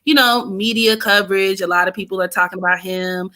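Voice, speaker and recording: Woman, casual livestream host, animated, bright forceful tone. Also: mid-range voice, a little fast. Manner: animated, greets chat by name, breaks into singing. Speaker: livestream host and astrology reader.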